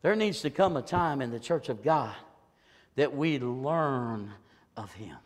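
An older man preaching a Pentecostal sermon in a church service, swinging from hollered peaks to low, confiding asides. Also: expressive, unhurried, long reverb tail. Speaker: pastor.

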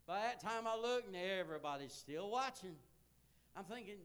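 High-voiced folksy preacher man in his 60s. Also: normal speed, smooth. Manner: folksy storytelling, building to loud excitement. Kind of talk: sermon.

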